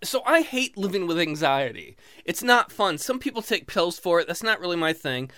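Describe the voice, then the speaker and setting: A man telling a self-mocking stand-up story, his voice bright and sharp, rising and falling in wide leaps. The sound is dry and close. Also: sits high, sing-song, normal speed, no echo. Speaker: stand-up comedian. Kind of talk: stand-up comedy routine.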